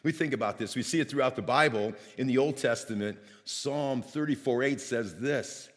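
A man from Northeast Ohio preaching a sermon, telling a lively personal story and acting out the dialogue. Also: medium pitch, normal speed, few pauses, in a large hall. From Northeast Ohio, United States.

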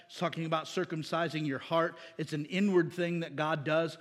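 Fairly high-voiced man preaching in a hall. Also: fairly even intonation, a little fast, hardly any pauses. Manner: conversational preaching with many restarts and rising emphasis. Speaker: pastor. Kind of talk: sermon.

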